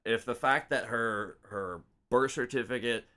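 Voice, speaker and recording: A man's voice: mid-range voice, a little slow, pushed and bright. A man hosting a casual podcast chat, opinionated and swearing freely. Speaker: podcast host.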